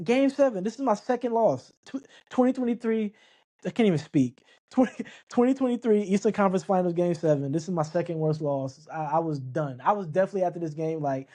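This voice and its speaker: Dude ranting about his team, kinda high voice but mellow tone, keeps tripping over his words. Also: lively intonation, fairly quick. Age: adult. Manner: emphatic, repeats himself, stumbles and restarts. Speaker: sports podcast host. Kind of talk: casual sports talk monologue.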